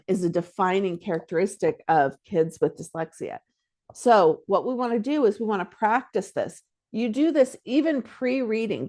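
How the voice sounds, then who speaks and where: A woman's voice: mid-range voice, darkish tone. A woman reading tutor in casual instructional talk, chatty and self-correcting, acting out word drills aloud.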